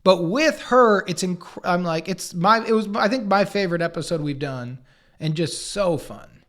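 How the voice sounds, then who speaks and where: Man telling a lively comic story. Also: high-pitched. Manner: acts out others' lines in quick put-on voices; swears casually, riffs fast. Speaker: comedian and podcast co-host, guest. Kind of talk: animated anecdote telling.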